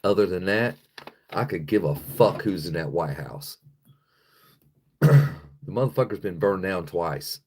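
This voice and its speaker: Low-voiced man ranting on a livestream. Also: expressive, measured pace, long pauses, slight background noise. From United States. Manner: angry, profane, ranting. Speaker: livestream host. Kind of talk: live-stream rant reading chat.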